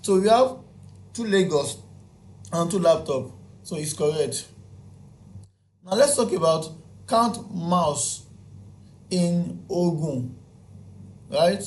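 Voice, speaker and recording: A man's voice: sits high, a little hiss or hum. A man teaching a spreadsheet tutorial. He counts items aloud one by one, repeats his key points and answers his own questions. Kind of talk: screen-recorded software tutorial.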